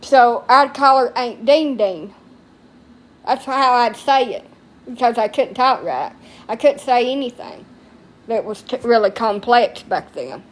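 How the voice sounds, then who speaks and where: Middle-aged woman, high voice, rambling, brash, crude, casual live-stream chat. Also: expressive, measured pace.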